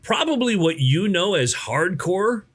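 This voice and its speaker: A man's voice: sits high, big pitch swings, unhurried, fairly bright tone. A man co-hosting a music podcast in casual chat, laid-back and blunt. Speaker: podcast co-host.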